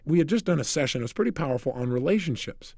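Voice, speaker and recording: A self-help coach speaking to the listener in an energetic, direct recorded lecture. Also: male voice, fairly high pitch, racing, creaky, no room sound, studio quality.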